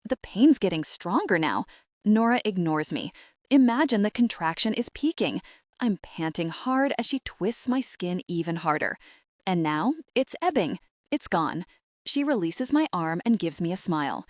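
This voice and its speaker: A woman narrating a comic novel in the first person, expressive and animated. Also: fairly low pitch, normal speed, no room sound, studio quality. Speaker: audiobook narrator.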